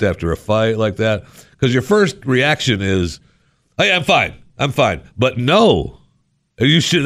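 A man's voice: on the low side, fairly bright tone, no room sound. A man hosting a radio talk show, rambling on in a sarcastic, jokey monologue from a studio microphone.

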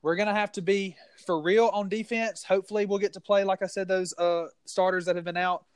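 A sports podcast co-host from the Southern US talks through a football game casually, his clean, steady voice high for a man and fairly quick. He rambles and restarts sentences, growing heated as he goes. The sound is dry and close, with no room or echo.

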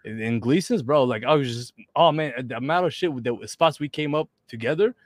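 A man's voice: mid-range voice, fairly quick, dry recording. A man guesting on a podcast, talking enthusiastically and casually, often saying bro and swearing. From outside America. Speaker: guest, pro wrestler. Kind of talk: casual interview chat.

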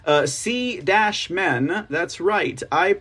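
A man's voice: high voice, pushed and bright, slightly rough. A man hosting a political livestream news show, chatting casually, laughing often and reading viewer comments aloud.

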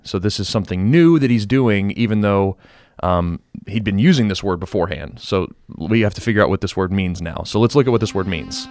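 A man's voice: on the low side, expressive, brisk, darkish tone. A man co-hosting a casual Bible discussion, explaining at length with frequent restarts and asides. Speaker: Bible study co-host.

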